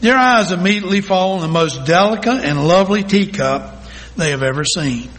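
A male pastor telling a story in a sermon, reading slowly and deliberately with dramatic pauses. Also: sits high, a bit bright. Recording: long hall reverb.

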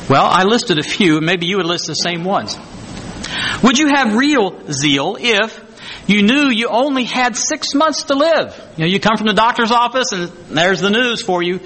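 Man preaching, high bright voice, swooping pitch, slow stressed words, rhetorical questions. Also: sing-song, slight background noise, low-quality recording. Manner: emphatic, drawn-out stresses on key words. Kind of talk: sermon.

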